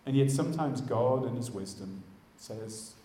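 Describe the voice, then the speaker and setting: A man delivers a sermon in a casual, conversational way, speaking straight to the people in front of him. His voice sits at a middling pitch and carries a roomy echo from the church hall. A faint ambient noise runs underneath. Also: expressive, normal speed, darkish tone. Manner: conversational, addresses the congregation directly. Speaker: pastor.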